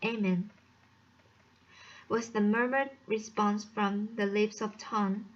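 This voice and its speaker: A woman's voice: medium pitch, steady tone, a little slow, dull audio. A young woman, a student, reading a novel aloud as an audiobook, carefully and with frequent stumbles and restarts. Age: young adult. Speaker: student reader.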